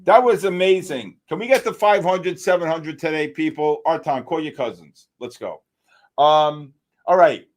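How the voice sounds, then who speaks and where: A man hosting a live futures trading stream, giving excited, exclamatory market commentary and calling out viewers by name. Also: fairly high pitch, normal speed. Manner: animated, exclamatory, talks to chat by name. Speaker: livestream trading host.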